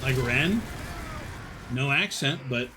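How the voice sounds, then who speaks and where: A man's voice: mid-range voice, expressive, slow, noisy background. A young man from northern Alabama with a faint Southern US accent, chatting casually with his viewers and laughing often as he streams a game. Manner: chatty, laughs often, answers chat between plays. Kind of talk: casual live-stream chat while gaming.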